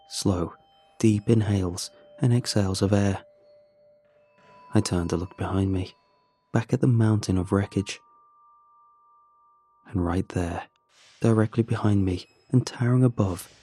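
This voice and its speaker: A man narrating a first-person horror story in a measured, suspenseful way. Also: on the low side, mellow, husky.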